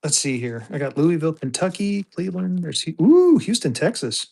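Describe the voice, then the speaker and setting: A man's voice: a little high, very animated, moderate pace, creaky, warm tone. A man selling at a live online auction, chatting casually to viewers and thinking aloud as he sorts his stock. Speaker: livestream auction seller.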